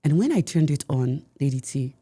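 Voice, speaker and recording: A woman with a low, warm, slightly husky voice tells a personal story in a podcast chat. She speaks with emphasis, repeating key phrases and pausing for effect. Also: expressive. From United States. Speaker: podcast guest. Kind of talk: conversational storytelling.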